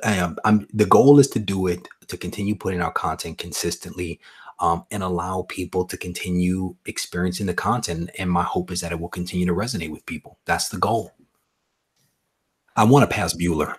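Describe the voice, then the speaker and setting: A man with a low, husky voice talks on a live comics stream. He mixes teasing jokes with earnest talk about staying consistent and drawing inspiration from others. His delivery is casual and conversational. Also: fairly even intonation, fairly quick. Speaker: guest YouTuber.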